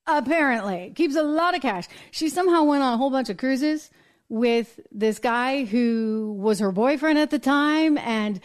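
A woman from the United States hosting a live political commentary show, talking in an animated way and acting out quotes in mock voices. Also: high voice, normal speed. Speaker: host.

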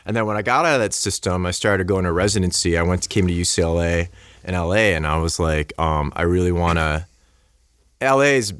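Appearing as a guest on a podcast, this man tells a story in casual chat, animated and acting out the dialogue people said to him, with plenty of "like" and "you know." His deep, resonant voice moves a little fast, and the clean studio sound is clear with no room sound.

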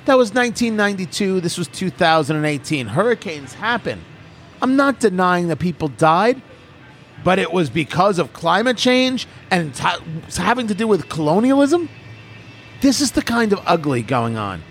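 Emphatic, fast-talking male commentator. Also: high-pitched, slight background noise. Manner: animated, emphatic, mocking asides. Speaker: talk show host. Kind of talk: opinionated political commentary.

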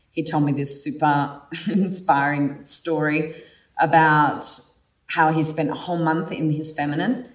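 A woman host telling personal stories in a candid, animated way, swearing freely. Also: deep voice. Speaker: podcast host. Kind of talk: casual personal storytelling. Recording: roomy sound from a distant mic.

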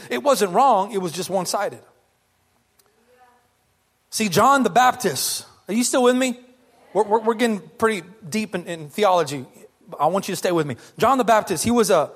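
A man preaching a sermon as pastor, conversational and lively, firing off rhetorical questions to the congregation. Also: sits high.

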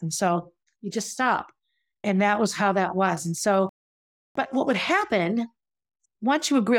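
At normal speed and in a mid-range voice, a woman shares her personal story in a candid, conversational way. Her telling is reflective and confessional, with sentences often restarted and plenty of asides.

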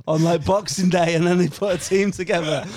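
A man's voice: high voice, fairly even intonation, darkish tone, no echo. A man, co-hosting a podcast and cracking jokes in casual chat. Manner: jokey quick interjections with laughter. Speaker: podcast co-host.

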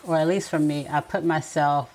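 A middle-aged woman speaking as a podcast guest in casual conversation, reflective and gently advising. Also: low voice, moderate pace, a little hiss or hum, rough recording.

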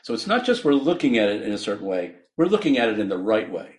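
A man's voice: fairly low pitch, big pitch swings, fast talker. A man, a physician guest on a podcast, explaining his ideas earnestly with frequent laughs and restarts.

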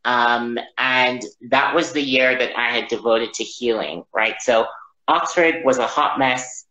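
A man telling a personal story as an interview guest, halting and reflective, often repeating his words. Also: medium pitch, pushed and bright. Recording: roomy, dull lo-fi audio.

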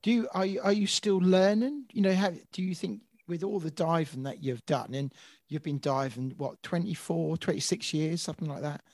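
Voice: mid-range voice, normal speed, a little mellow, dry recording. Dry-sounding podcast co-host, hesitant questions. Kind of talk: casual interview conversation.

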